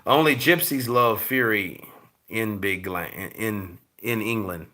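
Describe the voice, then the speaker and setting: Profane, animated boxing show host, man. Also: unhurried. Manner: profane, animated, jumps from loud outbursts to low mutters. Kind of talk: casual live-chat commentary.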